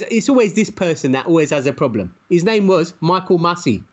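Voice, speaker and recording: A man with a husky voice, chatting casually as a regular on a podcast. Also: fairly high pitch, sing-song, a little fast. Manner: chatty, recounting what he followed online. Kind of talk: casual chat. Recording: dull lo-fi sound.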